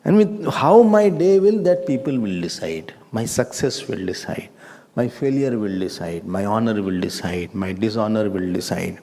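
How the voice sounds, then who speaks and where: A man, a swami giving a spiritual discourse as an animated storyteller who acts out other people. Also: fairly low pitch, normal speed. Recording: long reverb in a hall.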